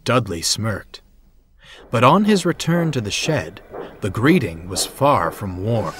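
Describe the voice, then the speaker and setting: A man narrating a storybook tale in a measured, expressive way. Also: fairly low pitch. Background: music.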